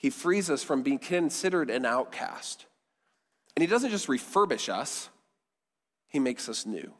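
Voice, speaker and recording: A man's voice: medium pitch, big pitch swings, unhurried. Man preaching in a reverberant hall. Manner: conversational preaching, with quiet emphatic endings. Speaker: pastor. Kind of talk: sermon.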